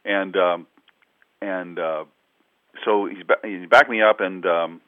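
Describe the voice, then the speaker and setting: A man's voice: deep voice, steady tone, slow, dry recording. A man, a sportswriter guest, telling rambling anecdotes in a casual interview, chuckling often and leaning on lots of fillers. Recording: tinny phone-line audio, dry.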